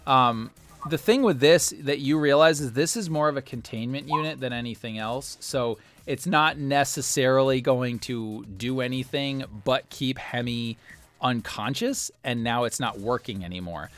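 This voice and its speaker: Rambling game master, many fillers. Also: male voice, mid-range voice, moderate pace, fairly bright tone, no echo. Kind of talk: narrating a tabletop game.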